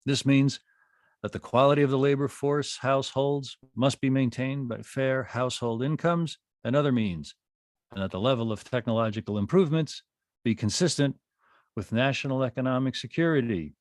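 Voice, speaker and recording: A man reading a text aloud to a study group, with expressive and deliberate emphasis. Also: mid-range voice, dry recording, clean studio sound.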